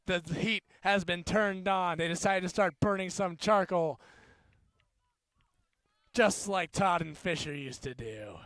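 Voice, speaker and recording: A young man calling an amateur rugby game play-by-play, joking between plays and getting louder on big runs. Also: sits high, measured pace, no room sound, clean studio sound. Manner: jokey, rising to excited shouts on big plays. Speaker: student play-by-play commentator. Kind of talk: amateur sports commentary.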